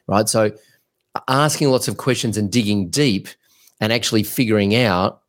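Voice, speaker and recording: A man co-hosting a podcast, giving business coaching advice in an energetic, blunt, rambling way. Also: on the low side, moderate pace.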